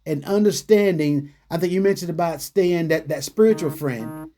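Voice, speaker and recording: A man hosting a radio talk show, telling stories in an animated way with frequent restarts and fillers. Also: a little high, moderate pace. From New York City.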